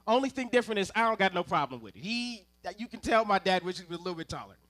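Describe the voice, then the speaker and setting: A man preaching to a congregation in a high, bright voice. He spins humorous family stories and turns often to his listeners with playful asides. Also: animated, racing. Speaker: ministerial intern preaching. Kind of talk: sermon with personal storytelling. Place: church service before a congregation.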